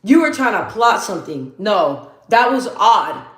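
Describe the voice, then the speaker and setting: A woman's voice: medium pitch, big pitch swings, unhurried. A woman in her thirties hosting a casual live chat. She tells stories, repeats her points for emphasis, and reads out viewer comments. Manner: chatty storytelling, repeats phrases for emphasis. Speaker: livestream host. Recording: roomy echo.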